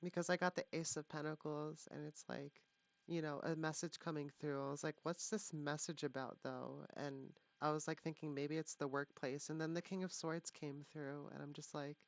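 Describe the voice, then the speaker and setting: A woman with a deep, low voice gives a live tarot reading, hesitating and restarting often. The recording is dull and lo-fi, with a dry, close sound. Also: fairly even intonation, dry recording. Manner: halting, full of fillers and restarts. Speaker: tarot reader.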